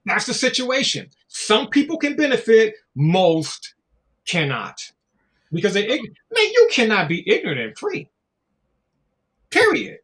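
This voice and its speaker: A middle-aged man talking in a loose, casual conversation. His pitch swings widely as he tells stories, drops into slang and swearing, and mimics the people he quotes. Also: unhurried. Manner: animated storytelling, slangy and profane, acts out voices.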